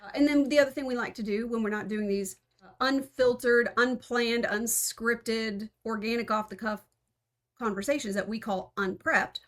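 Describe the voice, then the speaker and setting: A woman's voice: fairly high pitch, steady tone, moderate pace. A woman with a Texas accent, co-hosting a podcast in casual, open chat and laughing often. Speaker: podcast co-host.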